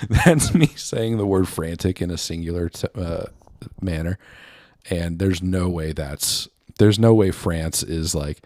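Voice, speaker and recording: A deep-voiced man hosts his own podcast with no plan, wandering from one thought to the next and poking fun at himself. He sounds a little out of breath. His voice is close and dry, with almost no room sound. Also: darkish tone, dry recording. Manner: rambling, self-mocking, laughs at own jokes. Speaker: podcast host. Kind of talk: unscripted solo chat.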